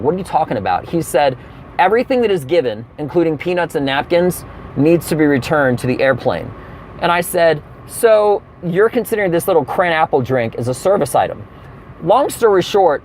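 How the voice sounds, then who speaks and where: Animated man ranting a comic story. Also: fairly high pitch, slight background noise. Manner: animated storytelling, acting out quoted people. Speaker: comedian. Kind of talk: comedic rant monologue.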